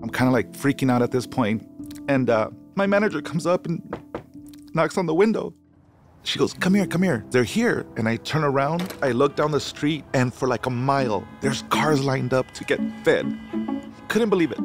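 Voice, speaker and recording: A man's voice: mid-range voice, moderate pace. A middle-aged man, a restaurateur and chef, telling stories animatedly in an interview and dropping into Spanish phrases, seated on an outdoor patio. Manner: animated storyteller, code-switches into Spanish phrases. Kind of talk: storytelling interview. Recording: music playing under the voice.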